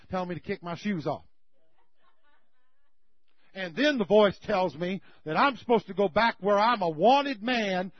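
High-voiced preacher. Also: male voice, no echo. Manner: folksy, animated retelling. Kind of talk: sermon storytelling. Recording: slightly muffled recording.

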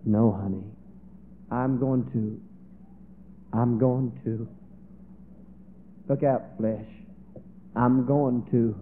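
A man voicing an old, resolute patriarch who speaks low, heavy and grave. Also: fairly even intonation, very slow, long pauses, slight background noise. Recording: tinny, phone-like echoey hall.

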